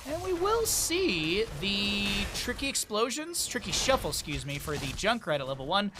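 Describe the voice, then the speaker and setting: A man's voice: high voice, big pitch swings, moderate pace, noisy background. A man casting a video game match play by play, calling the action and slipping in chatty, joking asides. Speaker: esports caster.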